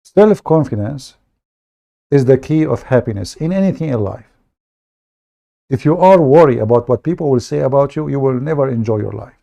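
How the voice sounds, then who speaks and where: A man from the Middle East speaks English with an Arabic accent, his voice low and gravelly with a dark, mellow tone. He talks bluntly and jokes at his own expense, often stumbling over and repeating words in a casual livestream monologue. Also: animated, moderate pace. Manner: blunt, joking, self-mocking, repeats words. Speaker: online debate show host.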